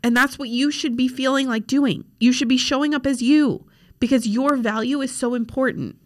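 This young podcast host, a social media coach, talks from her home desk and laptop in a casual, frank style heavy with fillers. Her voice is high-pitched, her intonation fairly even, and her speed normal.

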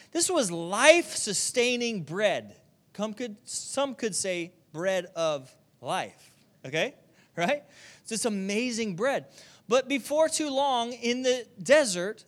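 A man preaching a sermon in an animated way, often checking in with "okay?" and "right?", and now and then acting out other people's voices. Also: high voice. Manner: acts out grumbling voices and loud exclamations.

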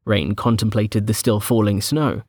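A man narrating a fantasy web novel as an audiobook, in a steady, measured storytelling manner. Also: on the low side, dry recording, clean studio sound. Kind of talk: scripted narration.

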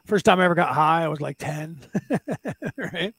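Gravelly high-voiced man telling stories. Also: measured pace, no echo. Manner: animated storyteller, calls people bro. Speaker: podcast host. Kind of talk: casual chat. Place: California.

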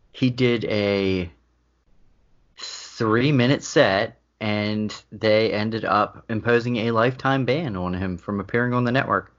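A man's voice: medium pitch, highs cut off. A man co-hosting a podcast in casual comedy chat, telling stories in a dry, matter-of-fact way. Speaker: podcast co-host.

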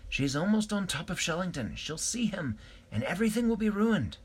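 Man putting on a worried crewmate voice, fretful, lively lilt, storybook. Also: high-pitched, fairly quick, breathy edge, pitched above the performer's own voice, exaggerated voice. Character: cautious worried crew member.

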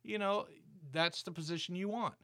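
Gruff, commanding older boss, pitched up and pushy as a man mimics him. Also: steady tone, moderate pace, a bit bright. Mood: angry. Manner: dismissive, commanding, blustering. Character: brusque, arrogant older male boss, ex-military.

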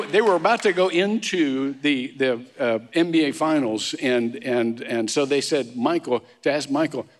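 With a fairly high-pitched voice, a male pastor preaches casually and conversationally, often restarting and poking fun at himself. The sound carries a long reverb, as if in a hall.

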